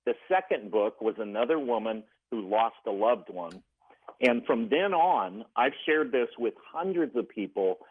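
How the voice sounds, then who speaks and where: A man's voice: mid-range voice, lively intonation, unhurried, breathy edge. Earnest male caller on a tinny phone line. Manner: earnest, retelling dialogue in quotes. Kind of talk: storytelling on a radio call-in. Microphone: telephone.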